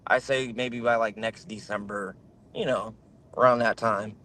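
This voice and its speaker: A man's voice: fairly low pitch, steady tone, unhurried, bright, forceful tone. A man chatting casually on a video call, rambling with many fillers and restarts. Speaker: guest on a livestream. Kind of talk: casual chat.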